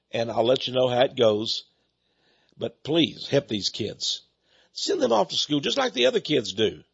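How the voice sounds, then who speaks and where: A man with a husky, slightly rough voice hosts a radio talk show in a folksy, chatty way, often stumbling over repeated words. He talks at a middling pitch. The recording sounds dull and lo-fi. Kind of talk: radio talk and donation appeal.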